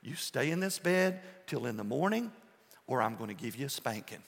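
A man's voice: medium pitch, sing-song, normal speed, creaky, husky, voice pushed down, full character voice. A man voicing a frustrated father scolding his son at bedtime, firm and scolding, in a long reverberant hall. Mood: stern.

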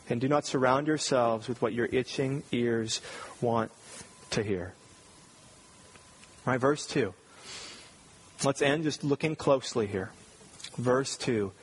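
A man's voice: mid-range voice, a little hiss or hum. A man preaching a sermon as pastor, earnest and emphatic, repeating key phrases for weight. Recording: husky voice with long hall reverb.

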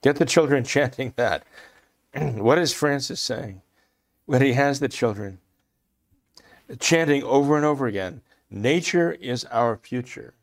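A man speaks in impassioned commentary, hammering each point by repeating it. He clears his throat often between phrases. His voice sits at a middle pitch. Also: measured pace, long pauses. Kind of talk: religious commentary discussion.

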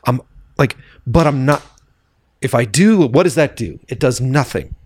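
A man on a podcast, a filmmaker guest, telling a story from his film set in a lively, casual way and swearing freely. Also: medium pitch, a little slow, slightly rough. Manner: animated storyteller who swears freely and acts out quoted dialogue.

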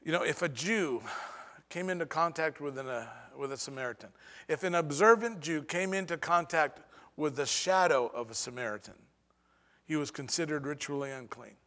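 A man preaching a sermon as pastor, with dramatic pauses and sudden swings between soft and loud delivery. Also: on the high side, long reverb tail.

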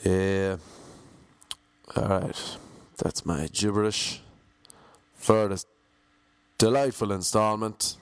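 An Irish man in a rambling comic monologue, deadpan and self-mocking, talking in a monotone. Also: on the low side, takes it slowly, pauses often, smooth, no echo.

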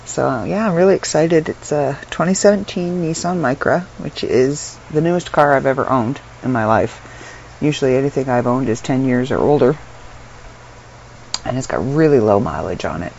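A woman's voice: very deep voice, lively intonation, normal speed, vocal fry, a little mellow. A middle-aged woman from Canada, unwell and tired, chatting casually in a rambling way from her bedroom, with lots of ums and little laughs. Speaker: vlogger. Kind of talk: casual chat to camera. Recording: dull lo-fi sound with faint room noise.

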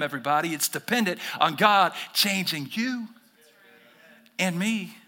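Pastor guy preaching, high bright forceful voice, talks right at the crowd and acts out other people's voices. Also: normal speed, big-room sound. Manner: animated preaching, talks directly to the congregation, acts out quoted voices. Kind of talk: sermon.

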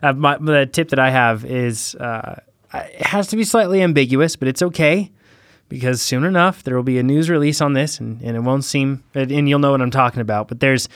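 A man in relaxed podcast chat who talks in loose, joking asides and keeps stopping to restart a thought. His voice sits mid-range and is recorded dry and close, with no room sound around it. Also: medium pitch, no room sound. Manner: jokey, hesitant, restarts often. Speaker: podcast co-host. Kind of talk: casual chat.

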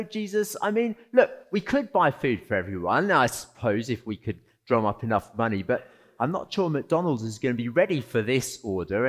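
A man voicing a flustered, panicky male disciple, hesitant and pleading, within a sermon. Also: mid-range voice. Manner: hesitant, apologetic, then incredulous and pleading. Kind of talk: sermon with acted voices.

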